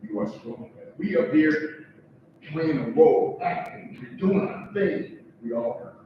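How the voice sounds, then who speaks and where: A man's voice: fairly high pitch, lively intonation, measured pace. A man, a son, giving a heartfelt, conversational eulogy with joking asides. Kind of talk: emotional eulogy speech. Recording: echoey, distant, dull sound with faint background noise.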